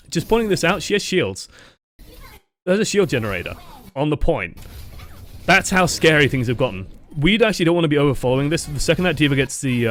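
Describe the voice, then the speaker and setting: A young man talks through a replay of his match at a rapid clip, in a voice that sits in an ordinary middle register. He keeps it loose and unscripted, dropping curse words and poking fun at himself between calls. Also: medium pitch. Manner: fast, casual, swears freely, self-mocking asides. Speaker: game coach. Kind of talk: gameplay review commentary.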